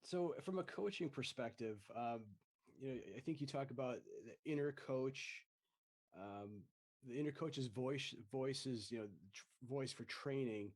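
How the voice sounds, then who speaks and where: A man hosting a podcast, asking questions in a hesitant way with many pauses and fillers. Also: mid-range voice, darkish tone. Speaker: podcast host. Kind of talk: conversational interview questions.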